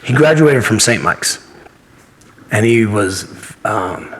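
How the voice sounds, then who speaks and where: A man's voice: on the low side, animated, slow pace, a bit bright. A man in his fifties, a martial arts instructor, telling earnest personal stories as an interview guest and acting out the dialogue of the people in them. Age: 50s. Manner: earnest, anecdotal, acts out dialogue. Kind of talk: interview storytelling.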